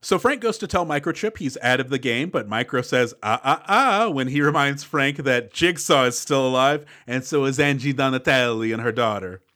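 Bright-voiced man recapping a movie. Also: medium pitch, brisk, few pauses. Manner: recaps plot, wry, sometimes does voices. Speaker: podcast co-host. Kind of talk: casual movie-review chat.

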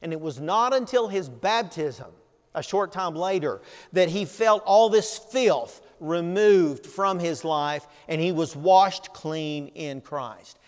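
An older man preaching a sermon as pastor, earnest and emphatic, often repeating words and pausing. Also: fairly high pitch, lively intonation, big-room sound.

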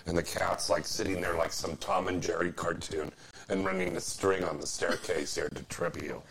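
A man's voice: deep voice, moderate pace, vocal fry, a little hiss or hum, rough recording. A man hosting a casual chat, reading trivia aloud and cracking crude jokes. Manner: joking, crude, animated.

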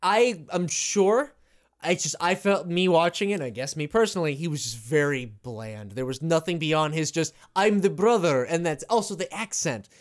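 A man's voice: on the high side, moderate pace. A man co-hosting a casual podcast, chatting loosely and acting out quotes in put-on voices, with some swearing. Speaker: podcast co-host.

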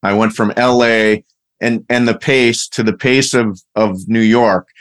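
A man's voice: mid-range voice, fairly even intonation, unhurried, a bit bright, clean tone. A man hosting a podcast, who leads into his interview questions with personal asides. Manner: chatty, personal lead-in to questions. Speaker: podcast host.

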